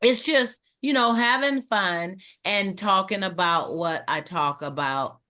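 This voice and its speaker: A woman hosting a casual panel chat who talks in a lively way and acts out other people's lines in quoted voices. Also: medium pitch, slow. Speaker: host of a talk show panel.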